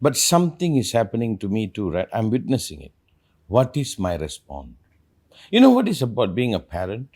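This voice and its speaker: A man's voice: on the low side, wildly swooping pitch, moderate pace, darkish tone, breathy edge. A man, a spiritual teacher, talking earnestly in a reflective conversation and asking probing questions.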